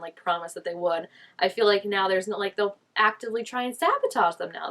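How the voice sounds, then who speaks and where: A woman casually reacting to a TV episode, chatty and gushing, with lots of "like" fillers. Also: mid-range voice. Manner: chatty, gushing, peppers speech with "like".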